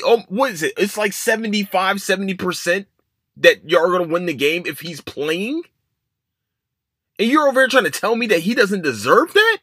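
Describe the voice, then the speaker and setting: A man hosting a podcast, ranting heatedly and with plenty of profanity, swinging between loud outbursts and muttered asides. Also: sits high, husky, no room sound, studio quality. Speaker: podcast host. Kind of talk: casual opinion rant.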